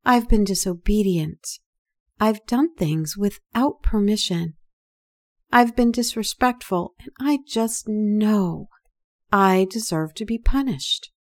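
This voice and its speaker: A woman voicing a timid, ashamed submissive character in a small, soft, halting voice for an erotic story reading. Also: mid-range voice, lively intonation, dry recording, studio quality. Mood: meek.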